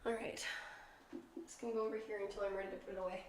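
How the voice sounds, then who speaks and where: A woman's voice: mid-range voice, flat delivery, fast, long pauses, very noisy. A young woman chatting casually while she cooks on a stream, laughing often and swearing freely. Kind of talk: casual chat while cooking. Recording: echoey room.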